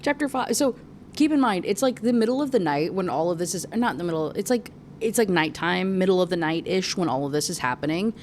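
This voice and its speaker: A young woman recapping a book casually, animated and filling her talk with "like.". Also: fairly low pitch, brisk, slight background noise. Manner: animated, lots of filler "like". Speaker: book reviewer.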